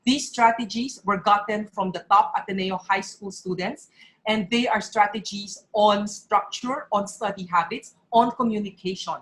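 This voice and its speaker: An earnest middle-aged woman speaks to parents and students in a heartfelt way, and her voice now and then breaks with feeling. Her voice sits in a middle pitch. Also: normal speed, a bit bright, poor audio. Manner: earnest and emotional, voice breaking at times. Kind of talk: emotional public talk.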